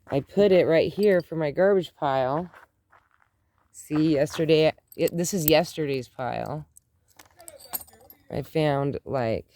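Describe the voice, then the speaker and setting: A woman's voice: low-pitched, a little mellow. A middle-aged woman chatting casually in her garden as she films, rambling with lots of "like". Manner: rambling, says "like" often. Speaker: gardening vlogger. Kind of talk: casual vlog chat. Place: outdoor garden.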